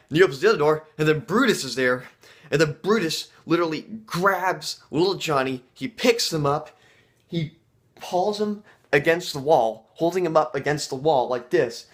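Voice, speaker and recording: Halting man telling a story. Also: on the high side, expressive. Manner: halting, full of fillers and restarts. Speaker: vlogger. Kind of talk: casual storytelling.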